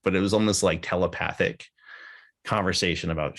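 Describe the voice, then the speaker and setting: Deep, gravelly man telling a candid story. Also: steady tone, a little fast. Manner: candid, conversational, with casual swearing. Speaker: speaker at a memorial gathering. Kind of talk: personal storytelling tribute. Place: live gathering with people present.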